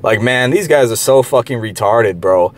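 A man's voice: mid-range voice, lively intonation, moderate pace. A man ranting in a profane monologue, heated and derisive, rambling with many restarts and filler words. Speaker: online commentator.

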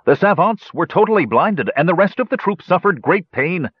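A man's voice: high voice, expressive, normal speed, breathy edge, dry recording, muffled recording, pitched above the performer's own voice. A man voicing an anxious male dwarf soldier giving an urgent, pleading report in an audiobook. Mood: alarmed. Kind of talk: audiobook character voice.

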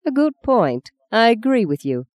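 A reader voicing Justine, a cool, self-possessed young woman with a crisp, dry, teasing manner. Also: medium pitch, sing-song, normal speed, darkish tone, no room sound, pitched above the performer's own voice, lightly acted.

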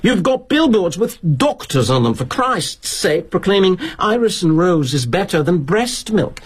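A man's voice: high voice, very animated, measured pace, slightly rough, pitched above the performer's own voice, heavily acted. A man voicing an indignant young British employee with a British accent, sputtering and heated.

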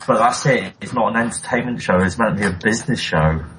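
Low-voiced man, dry and argumentative. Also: fast, a crowd in the background, poor audio. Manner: dry, argumentative, matter-of-fact. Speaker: podcast co-host. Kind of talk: casual chat.

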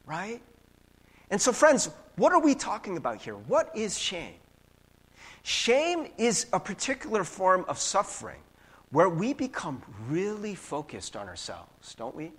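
A male pastor preaching a casual, conversational sermon. He keeps tagging his points with "right?" and sometimes acts out quick little voices. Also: husky. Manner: casual, animated preaching with frequent "right?" tags; acts out voices with big pitch jumps.

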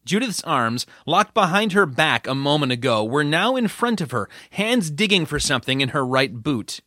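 A male audiobook narrator with a bright, forward tone. His delivery is steady and measured. It is recorded close and dry, without any room sound. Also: fairly high pitch, dry recording. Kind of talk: scripted narration.

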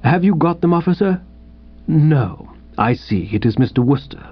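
A man doing a soft, dignified valet. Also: fairly high pitch, lively intonation, slightly rough. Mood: composed. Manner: soft, measured, formal speech. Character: calm, dignified male valet. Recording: dull lo-fi recording.

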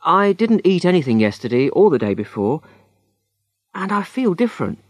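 A man's voice: on the high side, very animated, normal speed, dry recording, voice pushed up. A man voicing a young husband in a storybook reading, earnest and insistent. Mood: uneasy. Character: uneasy young husband, questioning.

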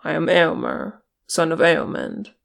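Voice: mid-range voice, measured pace, gravelly, fairly bright tone. A reader voicing a proud, suspicious male horse-lord captain with a guarded, bitter manner in an audiobook. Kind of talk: audiobook character reading.

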